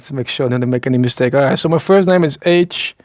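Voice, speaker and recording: A man's voice: mid-range voice, fast talker, dry recording, dull audio. A Dutch man in his thirties with a Dutch accent, talking in a hesitant, rambling monologue full of stammered restarts and small chuckles. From Netherlands. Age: 30s. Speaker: video maker. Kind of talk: rambling self-recorded monologue.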